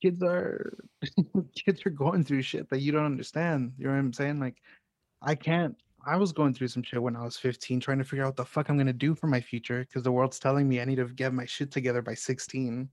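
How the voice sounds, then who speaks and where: A young man talking in loose, candid podcast chat, thinking out loud with plenty of fillers and cursing. His voice sits in an ordinary middle register. The sound is close and dry, with no room around it. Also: medium pitch, fairly even intonation, fairly quick, no echo. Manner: candid, swears freely, rambling with many fillers.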